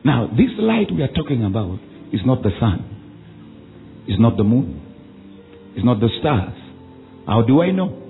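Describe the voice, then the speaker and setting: A man preaching a sermon, commanding his listeners to repeat after him and swinging between loud calls and low drawn-out lines. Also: very animated, creaky. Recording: tinny phone-like recording with faint music.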